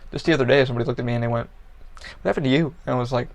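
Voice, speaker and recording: A man's voice: medium pitch, rapid-fire. A man hosting a podcast, talking bluntly and profanely in a rambling personal monologue. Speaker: podcast host.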